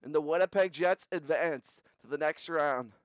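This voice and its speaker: A young man recapping simulated hockey games in quick bursts of scores, getting excited at big goals. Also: on the high side, clear, resonant tone, no echo. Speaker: video game simulation commentator. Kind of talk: play-by-play recap commentary. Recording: slightly dull lo-fi audio.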